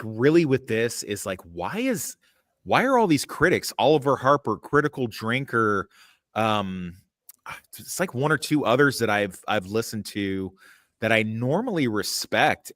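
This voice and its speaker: A man with a lowish but fairly bright voice hosts a casual podcast chat over a remote call mic, the sound clean and studio-like with no room noise. He rambles, curses freely, and hands out blunt opinions.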